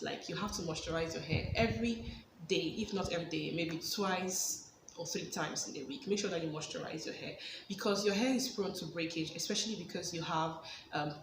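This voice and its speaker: A woman giving casual hair care advice in a vlog, stressing points by repeating words. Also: lowish voice. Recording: echoey room with background noise.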